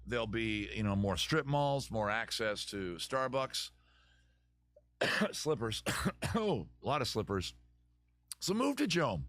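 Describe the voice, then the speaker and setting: Rambling comic host, voice going hoarse. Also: male voice, lowish voice, expressive, slow pace, pauses often, fairly bright tone, no echo. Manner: digressive, self-mocking, drops into a put-on Southern lawyer voice. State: voice going hoarse after weekend shows. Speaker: comedy podcast host. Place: his home in a city.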